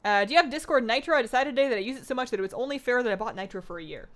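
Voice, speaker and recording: A woman's voice: a little high, lively intonation, rapid-fire. Woman, young adult, livestream gamer, bubbly, rambling, casual chat. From Greek heritage. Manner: bubbly, rambling, chatty with frequent fillers. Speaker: streamer.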